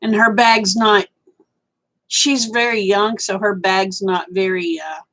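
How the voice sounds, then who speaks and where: A woman's voice: medium pitch, steady tone, slow pace, bright, forceful tone, low-quality recording. An older woman, sleepy and yawning, chatting casually on a livestream and answering viewers' comments. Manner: drawling, chatty, reads viewer comments aloud. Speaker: livestream host.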